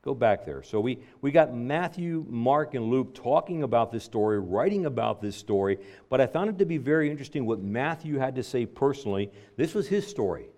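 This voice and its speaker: A man's voice: mid-range voice, animated, brisk, hardly any pauses, darkish tone. A man preaching a sermon, driving points home by repeating phrases. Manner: emphatic preaching with stacked repetitions.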